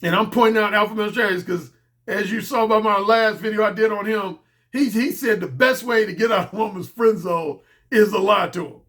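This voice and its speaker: A man's voice: sits high, fairly quick, fairly bright tone. A middle-aged man giving a blunt, emphatic solo commentary as a dating coach, repeating his points for stress.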